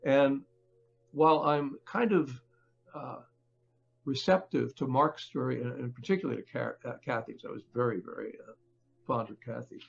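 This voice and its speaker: An older man, a book author, speaking as a podcast guest in a halting, conversational way with many fillers and restarts. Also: medium pitch, gravelly, breathy edge, dull audio, faint music behind. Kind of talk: conversational interview.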